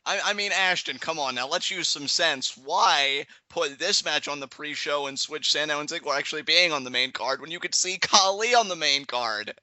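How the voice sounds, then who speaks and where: A man's voice: fairly high pitch, moderate pace, hardly any pauses, no room sound, lo-fi sound. A man co-hosting a casual live reaction chat, joking and playfully dramatic. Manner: animated, jokey, playfully dramatic. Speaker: guest co-host.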